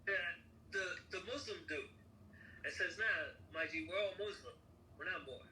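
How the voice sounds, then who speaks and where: A man's voice: sits high, normal speed, pushed and bright, a little hiss or hum, poor audio. A man in casual chat who asks hesitant, stammering questions from off-mic.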